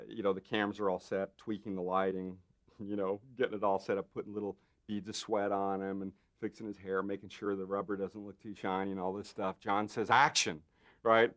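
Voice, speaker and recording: A man, a special effects artist, telling lively stories in an interview, acting out the quotes and tagging lines with "right?". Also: lowish voice. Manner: lively storyteller who acts out quotes; frequent fillers and tag questions. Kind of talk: anecdotal interview.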